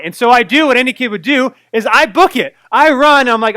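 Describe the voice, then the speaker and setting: Pastor guy in his 30s preaching, high bright voice, animated storyteller, dry close sound. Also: brisk, few pauses, smooth, no room sound. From North Carolina. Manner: animated storytelling, acts out his own fright. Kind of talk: sermon with personal story.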